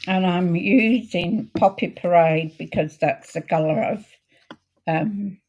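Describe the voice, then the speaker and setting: A woman hosting a card-making video, chatting in a homely way while she works, her voice a little croaky. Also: lowish voice, a little mellow, a little hiss or hum. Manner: chatty, homely, unhurried, talks while working. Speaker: craft video host. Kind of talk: casual crafting demo chat.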